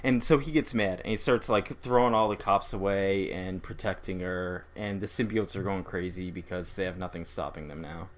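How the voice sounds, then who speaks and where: A man's voice: sits low, moderate pace, few pauses. A man co-hosting a casual podcast, animatedly retelling a comic's plot and acting out the characters' lines. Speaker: podcast co-host. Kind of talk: casual comic-book discussion.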